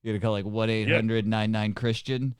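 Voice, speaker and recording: A man's voice: on the low side, level tone, a little fast, clear, resonant tone, no echo. A man co-hosting a comedy podcast over a remote call, firing back dry, teasing comebacks. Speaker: podcast co-host. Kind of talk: casual comedic banter.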